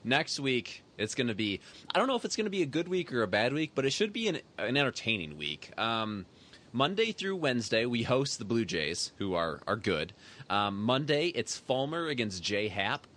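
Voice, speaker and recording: A man's voice: medium pitch, very animated, moderate pace, fairly bright tone. A man co-hosting a casual sports podcast, easygoing and chatty, often laughing. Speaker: podcast co-host.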